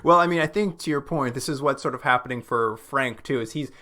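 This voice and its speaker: A man's voice: mid-range voice, pushed and bright. Man retelling a film, acting out quotes. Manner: retells scenes with quick acted-out quotes, many "like" fillers. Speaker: podcast co-host. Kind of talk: casual film discussion.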